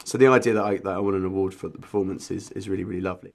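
A man's voice: deep voice, steady tone, racing, creaky, hardly any pauses. A man, a poet being interviewed, talking casually and self-deprecatingly with lots of restarts. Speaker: poet and performer, guest.

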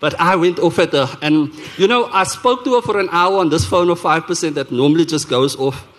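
A man's voice: a little high, brisk. Earnest South African man telling his testimony. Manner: earnest, animated storytelling with frequent restarts. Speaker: worship leader giving a testimony. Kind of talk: sermon testimony told as a story. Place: church service.

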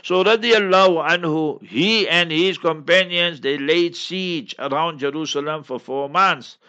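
An emphatic male mufti answers questions in a lecturing tone, hammering home each point. His voice is bright and forceful and sits a little high. The recording sounds dull and lo-fi. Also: unhurried. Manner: emphatic, instructive, repeats key points. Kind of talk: radio Q&A lecture.

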